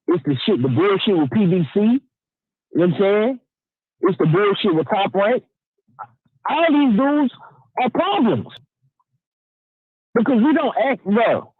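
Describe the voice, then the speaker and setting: A man's voice: sits high, dry recording. A man calling in to a sports talk show, giving a heated, profane opinion rant. He stammers through restarts and keeps checking in with the listener. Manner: emphatic, profane, stammering restarts, keeps asking "you know what I'm saying". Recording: dry tinny phone line.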